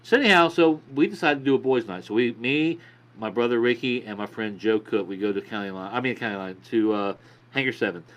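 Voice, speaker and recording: A man's voice: medium pitch, fast, a bit bright, muffled recording. Man, casual podcast guest, swears freely, rambling bar-story delivery. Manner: profane, rambling anecdote with acted quotes.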